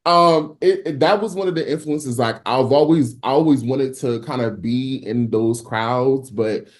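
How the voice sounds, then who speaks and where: A guest singer from Newark, New Jersey, speaks in a mid-range voice at a measured pace. He talks animatedly and casually in an interview, with plenty of fillers and restarts.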